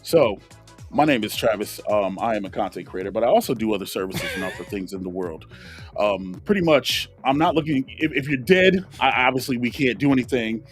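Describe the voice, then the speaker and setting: A man's voice: on the low side, lively intonation, a little fast, soft background music, voice pushed down, natural voice. Man doing a rambling joke dating-ad voiceover. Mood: joking. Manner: live voiceover, rambling and casual. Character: man reading a joking dating ad.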